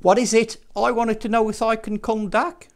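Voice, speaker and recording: A man's voice: sits high, level tone, moderate pace, voice pushed up. A man voicing an eager young male duck puppet who pleads politely.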